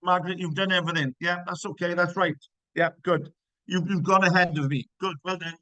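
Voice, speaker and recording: A man's voice: high-pitched, fairly even intonation, brisk, bright, forceful tone, no echo, low-quality recording. A man teaching physics in a live online class, checking students' answers with encouragement and working through problems step by step.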